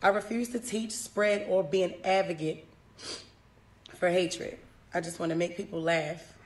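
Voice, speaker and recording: A woman comedian reading a scripted apology to camera, halting, with fillers. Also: on the low side, little pitch movement, darkish tone.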